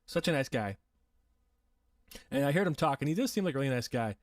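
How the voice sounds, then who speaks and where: A man's voice: mid-range voice, animated, brisk, no room sound, studio quality, far from the mic. A man hosting a casual livestream, reading viewer comments and rambling in a self-deprecating way, laughing often and swearing. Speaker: livestream host.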